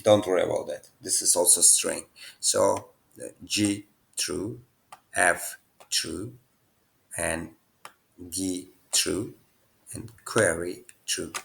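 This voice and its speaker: Slow, low-voiced man teaching code. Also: creaky, fairly bright tone. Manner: non-native phrasing, talks through answers aloud. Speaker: programming teacher. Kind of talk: casual screen-share tutorial.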